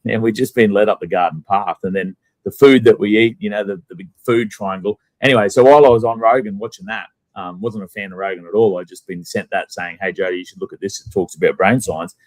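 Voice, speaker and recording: Aussie guy rambling on a podcast, swears a lot, lowish voice, dry close sound. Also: fast, hardly any pauses, no room sound. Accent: Australian. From Australia. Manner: rambling, blunt, heavy swearing. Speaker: guest. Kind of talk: casual podcast chat.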